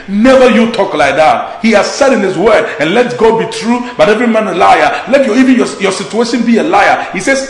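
Gravelly high-voiced male preacher. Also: sing-song, roomy sound, rough recording. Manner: exhorting, slows to a drawl on scripture. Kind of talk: sermon.

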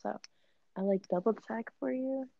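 A woman's voice: on the high side, normal speed, creaky, dry recording. Easygoing young woman on earbuds. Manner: easygoing, hesitant, filler-heavy. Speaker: podcast co-host. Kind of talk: casual chat. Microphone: AirPods. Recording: dull, dry earbud mic sound.

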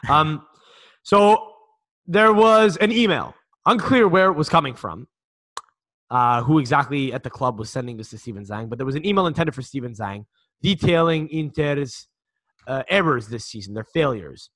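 A man's voice: mid-range voice, expressive, moderate pace, fairly bright tone. A man co-hosting a casual sports podcast, rambling with lots of restarts and casual swearing. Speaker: podcast co-host.

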